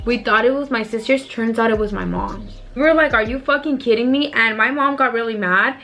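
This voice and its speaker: A woman's voice: a little high, a little fast, bright, forceful tone. A young woman vlogger telling a storytime tale in a chatty, swear-heavy way, acting out what people said. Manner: chatty, profane, acts out quoted voices. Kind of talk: casual storytime.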